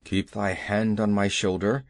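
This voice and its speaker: A man's voice: flat delivery, unhurried, dry recording, studio quality. A man voicing a proud, stern male black panther in a children's audiobook. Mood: uneasy. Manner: stern, lowered voice. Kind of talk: audiobook character voice.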